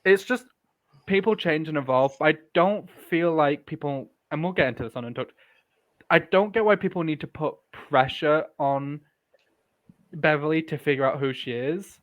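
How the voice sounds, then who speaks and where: A man's voice: a little high, moderate pace, lo-fi sound. Candid young man on a podcast. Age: 20s. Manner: candid, opinionated, rambling. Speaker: podcast co-host. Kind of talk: casual chat.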